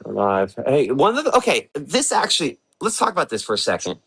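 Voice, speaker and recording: A man's voice: mid-range voice, huge pitch swings, a little fast, fairly bright tone, husky, poor audio. A man hosting a live severe weather briefing at home in the early morning, talking casually and thinking aloud with fillers while he works the maps. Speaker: weather forecaster hosting a livestream.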